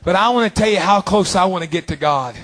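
A man preaching a sermon fervently, with long drawn-out phrases. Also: sits high, lively intonation, fairly bright tone.

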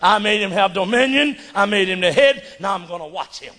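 A man voicing God as a calm, commanding male deity in a sermon, with shouted calls. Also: high-pitched, a little fast, voice pushed down. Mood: musing.

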